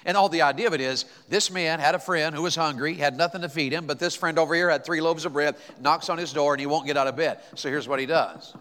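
A man preaching a revival sermon, stumbling over repeated words and swinging between loud exhortation and quiet asides. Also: a little high, fast, few pauses. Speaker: pastor. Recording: long church reverb.

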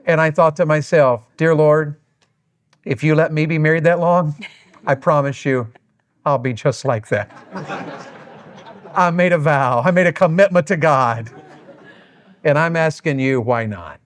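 A middle-aged man preaching on marriage, telling a story in a folksy, animated way. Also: a little high, measured pace, long pauses, a faint crowd.

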